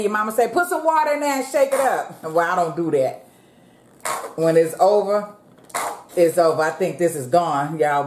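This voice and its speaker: A woman hosting a casual eating show from her home, chatting to viewers in a relaxed way and calling them "y'all". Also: lowish voice, background noise. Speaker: mukbang vlogger. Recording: roomy echo.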